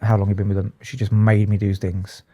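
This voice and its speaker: Man, psychotherapist guest; candid, emotional, restarts a lot; mellow, dark voice. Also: lowish voice, little pitch movement. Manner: earnest, emotional, halting with restarts. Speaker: psychotherapist and addiction specialist, guest. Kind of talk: candid interview talk.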